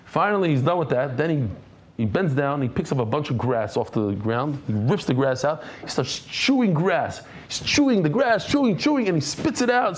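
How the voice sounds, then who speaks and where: A middle-aged man teaching a Talmud class, telling stories in a casual, animated way and sprinkling in Yiddish and Hebrew terms. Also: mid-range voice, fairly quick. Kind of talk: casual storytelling lesson.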